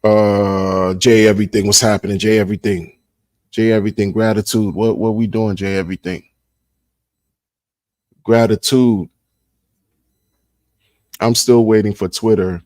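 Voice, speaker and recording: A low-pitched man chatting loosely on his own livestream. He rambles, circles back and repeats phrases as he greets the chat. The sound is dry and close, with no room around it. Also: steady tone, measured pace, pauses often, darkish tone, dry recording. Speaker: livestream host.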